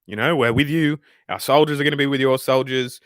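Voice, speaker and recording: A man's voice: medium pitch, fairly quick, no echo, studio quality. A young Australian man chatting casually on a livestream, swearing often and rambling between chat comments. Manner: profane, rambling, animated. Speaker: livestream host reading chat.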